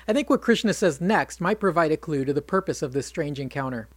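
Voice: mid-range voice, lively intonation, a little fast, few pauses, no echo. A narrator casually retelling an old epic, adding wry conversational asides.

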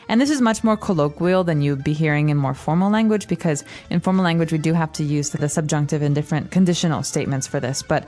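A lower-pitched woman co-hosting a language podcast, explaining grammar with clear, patient teaching. Faint music plays behind her. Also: fast talker, hardly any pauses, a little mellow.

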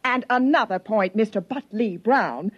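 A woman's voice: mid-range voice, animated, normal speed, slightly rough, lo-fi sound. A woman playing a prim, strict older sister who speaks in a stiff, formal, scolding way, in a 1950s radio drama. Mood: stern.

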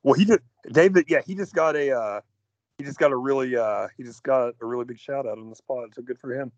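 A man's voice: mid-range voice, fast, darkish tone, no echo. A man co-hosting a movie podcast, ranting with lots of likes and swearing in a casual chat. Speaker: podcast co-host. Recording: dull lo-fi sound.

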